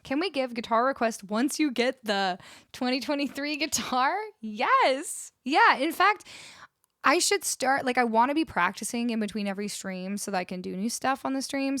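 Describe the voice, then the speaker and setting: A woman singer-songwriter chatting casually with her live viewers, bubbly and effusive and quick to laugh, on a close studio mic. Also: fairly high pitch, a bit bright, no room sound. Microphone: close studio microphone.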